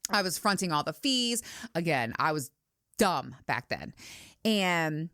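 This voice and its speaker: Middle-aged woman, podcast host, lowish voice, candid and chatty, swears freely, dry close sound. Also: big pitch swings, measured pace, sharp tone, no echo. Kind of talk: casual storytelling monologue.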